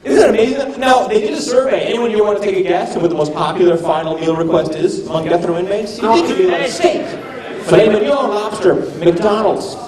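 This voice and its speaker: High-voiced comedian, echoey live room. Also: male voice, fairly quick. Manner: animated, mocking asides and acted-out voices. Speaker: stand-up comedian. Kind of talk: stand-up comedy set. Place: live comedy venue with audience. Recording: echoey room, mic from a distance, crowd audible.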